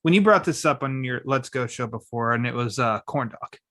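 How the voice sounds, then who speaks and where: A man's voice: mid-range voice, a little fast, a bit bright. A man hosting a casual podcast chat from home, rambling a bit and playfully quoting lines. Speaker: podcast host.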